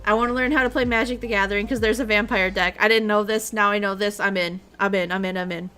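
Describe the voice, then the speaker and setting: A woman's voice: medium pitch, steady tone, quick pace, bright, forceful tone, clean tone, soft background music. A young woman streamer chatting casually, rambling along and swearing freely. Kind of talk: casual chat.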